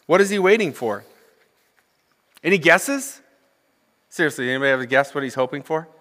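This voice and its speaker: A young man gives a sermon as associate minister, moving between scripture reading and chatty, humorous asides to the congregation. His voice sits somewhat high for a man. It rings out with a long reverb, as from a church sanctuary. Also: lively intonation, brisk, a bit bright. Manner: conversational, asks the congregation questions; reads scripture then comments with humor.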